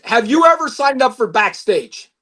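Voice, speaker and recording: A man chatting about his acting auditions in an excitable way, laughing often and repeating his words. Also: very high-pitched, normal speed. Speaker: actor guest. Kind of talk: casual chat.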